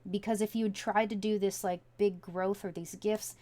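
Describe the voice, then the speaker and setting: A woman's voice: medium pitch, steady tone, normal speed, warm tone. A woman giving a casual tarot reading from home, musing aloud as she turns over each card. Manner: chatty, musing aloud with many likes and you-knows. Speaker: tarot reader.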